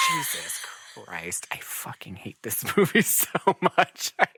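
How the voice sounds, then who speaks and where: A woman's voice: very deep voice, wildly swooping pitch, measured pace, sharp tone, husky, no echo, clean studio sound. A woman co-hosting a movie podcast, sarcastic and profane, laughing often as she rants. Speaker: podcast co-host. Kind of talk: casual movie-review chat.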